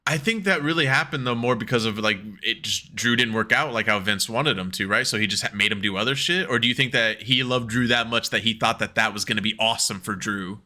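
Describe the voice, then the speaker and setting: A man co-hosting a casual wrestling podcast on a headset, swearing freely and often laughing as he acts out quotes in a higher voice. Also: a little fast, hardly any pauses, sharp tone. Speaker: podcast co-host. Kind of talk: casual chat.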